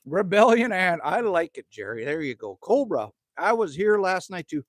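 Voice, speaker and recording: A man's voice: sits high, big pitch swings, moderate pace, no echo. A middle-aged man from Canada hosting a casual live stream outdoors at his rural cabin, ranting, joking and greeting viewers by name. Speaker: livestream host.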